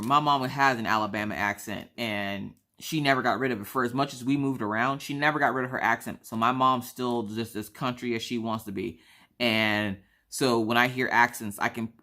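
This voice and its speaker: A woman from South Carolina with a mixed Southern accent, chatting casually and telling a story while acting out the people in it. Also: a bass voice. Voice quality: animated, acts out other people in the story. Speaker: craft vlogger.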